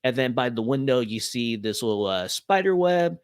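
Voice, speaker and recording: A man's voice: mid-range voice, expressive, moderate pace, clean tone. Young man chatting casually, lots of fillers. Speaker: podcast guest. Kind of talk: casual podcast chat.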